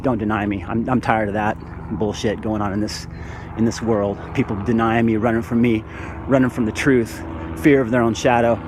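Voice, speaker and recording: A man's voice: lowish voice, flat delivery, moderate pace, noisy background. Fervent rambling man preaching to camera. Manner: addresses viewers as "guys". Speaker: vlogger. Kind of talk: spiritual monologue to camera.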